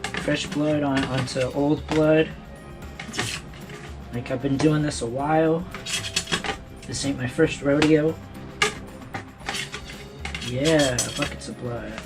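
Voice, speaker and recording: A man's voice: on the high side, fairly even intonation, slow, long pauses, over loud music. Playful man narrating a craft tutorial. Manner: playful, self-amused, talks to himself while working. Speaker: art tutorial host. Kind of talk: casual hands-on tutorial with joking asides.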